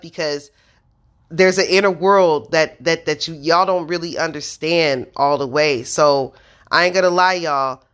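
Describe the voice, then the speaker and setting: A woman's voice: deep voice, fairly even intonation, normal speed, a bit bright. A woman in her thirties telling a personal story to viewers, intense and earnest, swearing freely and speaking straight to her audience. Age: 30s. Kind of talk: casual spoken storytelling.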